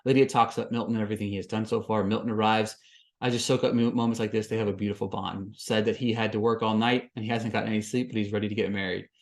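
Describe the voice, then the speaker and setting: A man hosting a podcast, recapping a reality show in casual commentary, swinging from flat summary to loud exasperated rants. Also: fairly low pitch, quick pace. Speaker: podcast host.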